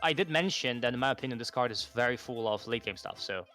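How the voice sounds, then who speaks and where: A man's voice: medium pitch, animated, quick pace, pushed and bright, faint music behind. A man co-commentating a live esports match in a jokey way, laughing often between his remarks.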